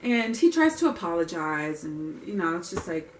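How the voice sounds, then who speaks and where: A woman's voice: on the low side, big pitch swings, moderate pace, slight background noise. A young woman giving a casual, opinionated film recap with wry asides. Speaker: vlogger reviewing a film. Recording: roomy, distant mic.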